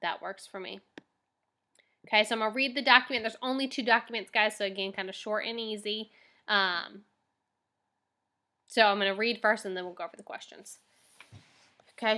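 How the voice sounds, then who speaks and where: A woman's voice: fairly high pitch, pushed and bright. A woman teacher giving a recorded lesson, reading documents aloud and patiently explaining each question to her class.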